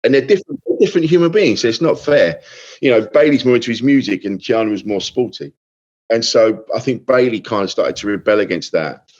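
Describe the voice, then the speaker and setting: A man's voice: medium pitch, lively intonation, a little fast, a little mellow, highs cut off. A man in his fifties, a comedian guest telling rambling anecdotes in casual podcast chat, often restarting and swearing.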